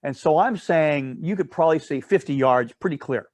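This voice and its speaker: A man with a fairly high voice leads a casual Bible study, telling the story in a rambling, digressive way. He keeps adding asides and correcting himself, and checks in with his listeners often. The sound is dry and close. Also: moderate pace, a little mellow, dry recording. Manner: often asks "all right?" to check in with listeners.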